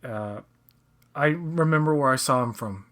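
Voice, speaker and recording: A man's voice: mid-range voice, a little slow, a bit bright. A man hosting a casual fan commentary podcast, teasing and joking with his guest. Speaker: podcast host.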